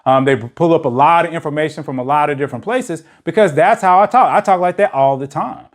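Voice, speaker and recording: Rambling man, a bit high-pitched. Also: brisk. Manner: rambling, many "you know" fillers. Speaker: dating channel host. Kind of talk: casual monologue to camera. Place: lives in a big city.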